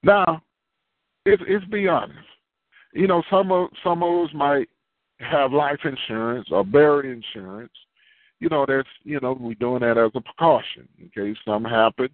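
A man's voice: fairly high pitch, dry recording. Preacher man over a tinny phone line. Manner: conversational preaching with call-and-response questions. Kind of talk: sermon.

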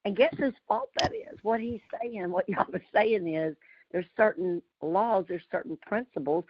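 A woman's voice: medium pitch, normal speed, breathy edge, dry recording. Chatty Southern woman on a muffled call. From Louisiana. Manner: chatty, animated storytelling with frequent laughs. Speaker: community call participant. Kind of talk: casual group call chat. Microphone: remote call audio.

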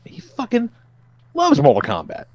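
Laid-back cursing man with a lively voice. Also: extremely high pitch, normal speed, dry recording. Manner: loose, profane, laughing often. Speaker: podcast host. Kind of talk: casual chat.

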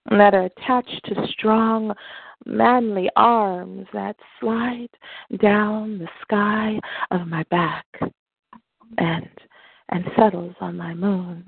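Slow husky-voiced woman reading poetry. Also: mid-range voice, dry recording. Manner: soft, slow and deliberate. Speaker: poet guest. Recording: phone line.

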